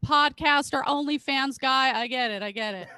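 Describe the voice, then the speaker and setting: A woman's voice: high voice, moderate pace, heavy background noise. A woman in her late thirties doing a stand-up comedy set full of crude, self-deprecating jokes, often laughing at her own lines. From Britain. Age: late 30s. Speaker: stand-up comic. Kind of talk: stand-up comedy set at a virtual charity show.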